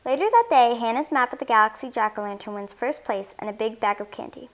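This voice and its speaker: A woman reading a children's story aloud in an expressive storytelling voice. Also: a little high, fast, dull audio. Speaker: story reader.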